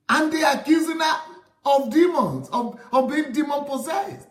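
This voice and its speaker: A man, a pastor commenting on a video in an impassioned, repetitive way that rises to shouts. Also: very high voice, measured pace. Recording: roomy echo.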